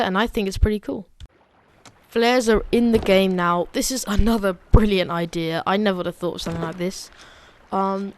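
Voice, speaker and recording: A chatty, excitable woman walks through a game update in a casual review. She is a student and talks at a middling pitch, full of fillers as she reacts to each new feature. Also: background noise. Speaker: gaming video creator.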